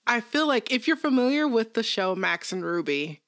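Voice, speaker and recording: A woman's voice: a little high, very animated, moderate pace, fairly bright tone, no room sound, clean studio sound. A young woman co-hosting a podcast in casual chat, playful, laughing a lot and making jokey asides. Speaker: podcast co-host.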